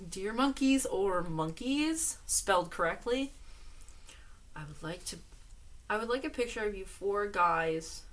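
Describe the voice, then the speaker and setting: A woman's voice: medium pitch, animated, takes it slowly, a bit bright. Giggly woman reading letters aloud. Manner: giggly, laughs often between lines. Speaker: reader and commentator.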